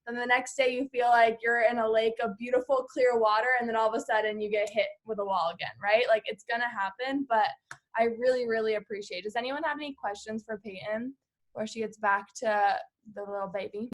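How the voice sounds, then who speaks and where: A woman's voice: fairly high pitch, steady tone, fairly quick. A woman hosting a team video call, gushing and effusive, with "like" in nearly every phrase. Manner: gushing, heavy use of "like". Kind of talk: casual video call chat.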